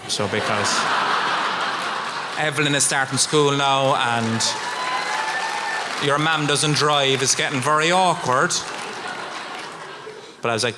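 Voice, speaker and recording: A middle-aged Irish man performing stand-up comedy, telling a story with swings from low mutters to high outbursts. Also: moderate pace, pauses often, crowd noise, background noise. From Ireland. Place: live stage.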